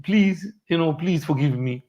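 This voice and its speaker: A man's voice: fairly high pitch, measured pace, a little mellow, highs cut off, natural voice. A man voicing a remorseful grown nephew who begs over and over for forgiveness. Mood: pleading. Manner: pleading, repeated begging.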